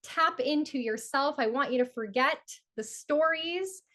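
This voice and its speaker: Woman, higher voice, lively host-teacher for a live group, acts out inner voices. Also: unhurried. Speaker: astrologer hosting a live community event. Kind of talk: energetic teaching talk with guided ritual.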